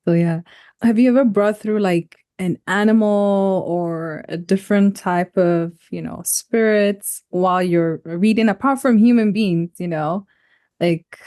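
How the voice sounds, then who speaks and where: A woman's voice: medium pitch, a little slow, mellow, no room sound, clean studio sound. A woman hosting a podcast interview, asking questions in a thoughtful, loose way with many fillers. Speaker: podcast host.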